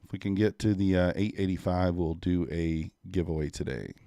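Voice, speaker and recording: Low-voiced guy in his 30s chatting to viewers while he trades live, laid-back, dry close mic. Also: steady tone, moderate pace, warm tone, clean tone, no room sound. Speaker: livestream day trader. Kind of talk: casual live-stream commentary.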